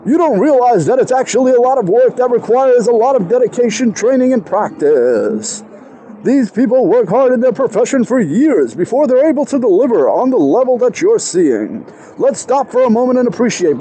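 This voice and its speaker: A man talks casually to camera outdoors, working hard to pronounce every word clearly. His voice is high yet mellow. Faint city traffic hums in the background. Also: sing-song, moderate pace, poor audio. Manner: self-aware, trying hard to enunciate. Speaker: vlogger. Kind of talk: casual self-talk vlog. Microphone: clip-on mic.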